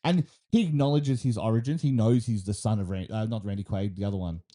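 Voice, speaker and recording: A man's voice: on the low side, fast talker, mellow. An Australian man co-hosting a gaming news podcast, chatting casually, rambling with restarts and cursing freely. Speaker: podcast co-host. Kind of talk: casual chat.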